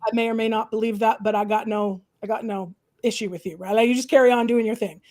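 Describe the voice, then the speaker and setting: A woman host chatting casually on a livestream, animated and opinionated, tossing in "like" and "right?" often. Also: on the high side, fast. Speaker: host, professor and counsellor.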